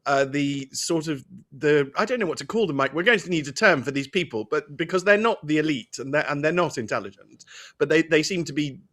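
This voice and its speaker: A British man, a barrister guest on a talk show, speaking in a measured way with frequent restarts. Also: fairly high pitch, a bit bright. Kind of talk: live discussion.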